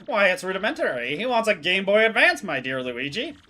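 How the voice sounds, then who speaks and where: Man doing a smug, grandiose penguin sleuth for a game, pitched up, big swoops in the voice. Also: sing-song, brisk, sharp tone, exaggerated voice. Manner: grandiose, theatrical deduction. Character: pompous penguin detective, male adult.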